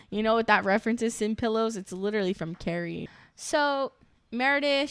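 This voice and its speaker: A woman's voice: mid-range voice, dry recording. A young woman recapping a reality show in casual, sarcastic chat, swearing freely and laughing often. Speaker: reaction vlogger.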